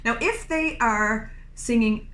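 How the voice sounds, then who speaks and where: A woman's voice: on the high side, slow, fairly bright tone. A middle-aged woman music teacher, patiently explaining a classroom singing game and slipping into short sung phrases. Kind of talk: instructional talk with sung demonstrations.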